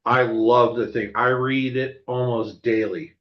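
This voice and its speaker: A man joins in briefly to enthusiastically endorse the host's book, and he is louder than the host. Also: mid-range voice, steady tone, measured pace, highs cut off.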